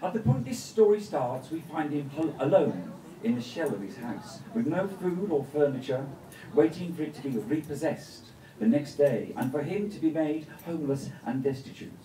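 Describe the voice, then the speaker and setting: A man's voice: on the high side, animated, normal speed, mellow. A man telling a tale live on a festival stage, playful, with joking asides, heard from a distant mic in a roomy venue. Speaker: storyteller. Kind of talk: live storytelling performance.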